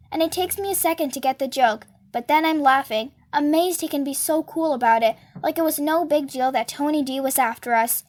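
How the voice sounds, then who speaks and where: A woman reading a novel aloud in a lively first-person narration. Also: high voice, a little fast, few pauses. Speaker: storybook reader.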